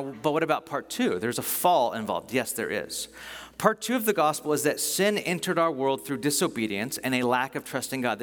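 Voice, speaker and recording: A man's voice: medium pitch, a bit bright. A man preaching a sermon in a conversational, enthusiastic way, often restarting his sentences. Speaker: pastor. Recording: long hall reverb.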